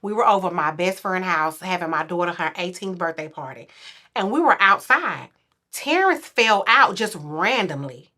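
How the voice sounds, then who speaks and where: A woman in her forties, a podcast guest, telling a story in casual chat and acting out quotes in a louder, higher voice. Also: animated, normal speed.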